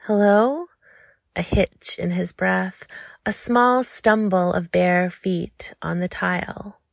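A woman narrating an audiobook in a slow, intimate, low-key reading. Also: gravelly, no echo, clean studio sound.

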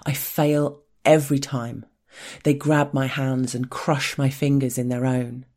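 A woman reading a first-person story in a hushed, intimate voice that often drops close to a whisper. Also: rumbling low, flat delivery, unhurried.

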